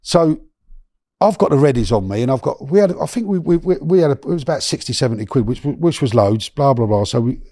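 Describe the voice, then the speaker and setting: A middle-aged man, telling a long personal story in a chatty, animated way as a podcast guest. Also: medium pitch, brisk, dry recording. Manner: animated, chatty, lots of restarts and slang.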